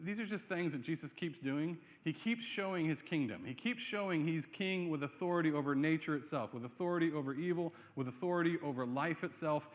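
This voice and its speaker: A man's voice: on the high side, a bit bright, long reverb tail. A male pastor preaching a sermon in a conversational way, asking the room rhetorical questions. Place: church sanctuary.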